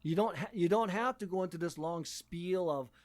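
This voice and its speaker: A man's voice: sits high, normal speed, no room sound. A man who teaches English, talking casually and stressing his points by repeating them. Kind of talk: casual conversation.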